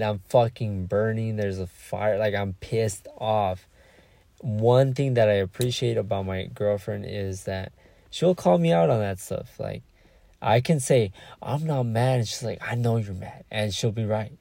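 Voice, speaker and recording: A young man talks through a casual solo podcast in a low voice with a gravelly, fry-laden edge. His tone is dark and mellow, and the close mic is dry. He rambles, stops to search for words and swears freely. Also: unhurried, no echo. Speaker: podcast host.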